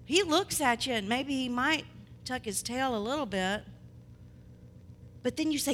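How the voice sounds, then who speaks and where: A woman preacher delivering a sermon, swinging between loud proclamation and quiet asides. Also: on the high side, very animated, normal speed. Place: church hall. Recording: long hall reverb.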